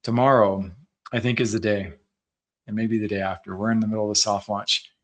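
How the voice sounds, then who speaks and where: A man's voice: fairly low pitch, steady tone, fairly quick. A man hosting an interview podcast, speaking earnestly to his listeners in a closing segment. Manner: earnest, addresses audience as friends. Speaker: podcast host.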